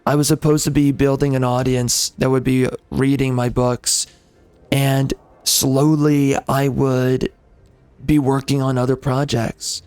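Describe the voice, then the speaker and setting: A man's voice: mid-range voice, flat delivery, unhurried, darkish tone, smooth, dry recording. Angry man, bitter profane rant at viewers, dry close sound, faint music behind. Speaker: gaming channel host.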